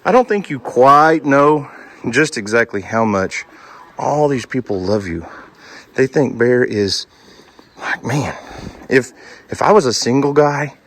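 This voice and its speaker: A man's voice: mid-range voice, a bit bright. A man chatting casually and jokingly to his farm animals outdoors at a barn. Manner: joking, coaxing, talks to animals like pals. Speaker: homesteader vlogger.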